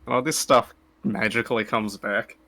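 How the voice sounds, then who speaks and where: A man's voice: lowish voice, steady tone, unhurried, sharp tone. A man playing in a tabletop game, joking and casual. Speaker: player.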